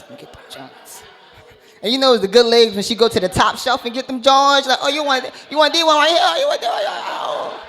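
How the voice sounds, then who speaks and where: A man's voice: sits high, a bit bright. A man doing a brash, profane stand-up comedy set on a club stage, speaking into a handheld mic. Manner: brash, profane, punchline-driven delivery.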